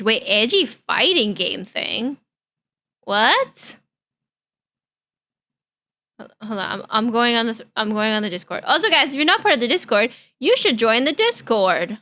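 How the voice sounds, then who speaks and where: A woman's voice: on the high side, big pitch swings, normal speed, pushed and bright. A young woman streaming live, chatting casually in a bubbly, giggly, easily distracted way.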